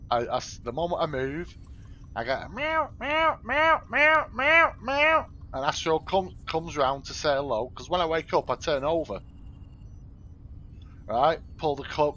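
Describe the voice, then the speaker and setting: A man's voice: medium pitch, a little hiss or hum. Brief: man, middle-aged, casual stream chat, stop-start delivery. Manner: rambling, talks to chat, frequent self-corrections. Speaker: live streamer. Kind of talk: casual chat while gaming.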